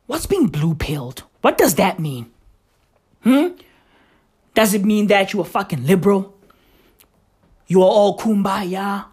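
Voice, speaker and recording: A woman ranting loudly in a vlog. She swears constantly, and her voice is hoarse and cracking from shouting. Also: medium pitch, animated, unhurried, long pauses. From South Africa. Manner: loud, shouty, swearing heavily. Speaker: vlogger. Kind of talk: profane vlog rant.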